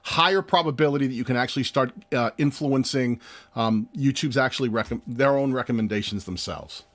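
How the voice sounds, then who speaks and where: A man co-hosting a live stream, explaining in a casual, animated way as he clicks through screens. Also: medium pitch, a little fast. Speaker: co-host of a channel review live stream.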